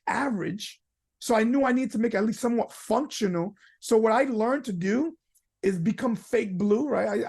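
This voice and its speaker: A man giving a casual webinar training talk from home, animated, slipping into character voices and leaning on fillers and restarts. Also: very high-pitched. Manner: animated, acts out quoted people in character voices. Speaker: business trainer.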